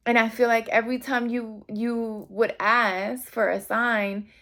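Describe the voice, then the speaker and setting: A woman's voice: fairly high pitch, little pitch movement, unhurried, fairly bright tone. A woman giving a casual tarot reading, talking straight to her viewers in a rambling, heartfelt way. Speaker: tarot reader.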